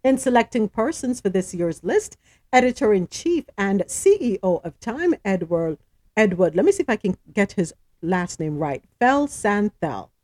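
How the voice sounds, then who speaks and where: Hosting a news podcast, a woman reads stories aloud and drops in her own chatty remarks, questioning her co-hosts and tripping over names. Her mid-range voice is warm, swings widely in pitch, and moves at a normal speed.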